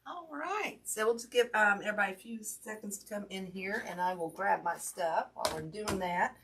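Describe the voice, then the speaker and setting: A woman's voice: mid-range voice, normal speed, a bit bright. A woman hosting a casual craft livestream from home, chatty and apologetic, greeting viewers by name and a little out of breath. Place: indoor home craft room. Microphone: camera mic at a distance. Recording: distant mic with audible background noise.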